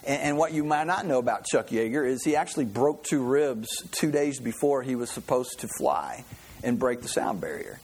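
A middle-aged man delivering a sermon in a relaxed, folksy manner. He stops and restarts often, doubling words before he finds his thread. His pitch sits in an ordinary male middle range. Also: moderate pace, husky. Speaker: pastor.

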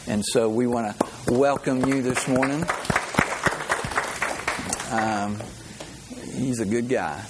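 A man's voice: medium pitch, darkish tone, slight background noise. A man preaching a sermon as pastor, a folksy, joking storyteller who greets visitors and tells a funny story before his message.

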